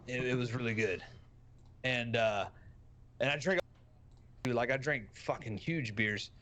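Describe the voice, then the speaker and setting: A man's voice: mid-range voice, unhurried, fairly bright tone. A man with a Texan accent, a streamer guest telling a brash, profane, joking story on a podcast.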